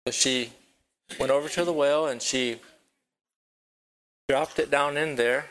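Halting man telling kids a Bible story. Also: medium pitch, fairly even intonation, a bit bright, slight background noise, poor audio. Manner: halting, repeats words, asks the kids questions. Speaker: children's teacher. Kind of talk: children's Bible lesson. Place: rural property with a barn.

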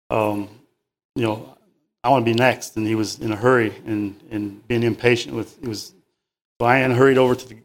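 A man reading a children's story aloud to a group, halting and stopping to paraphrase and moralize. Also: mid-range voice.

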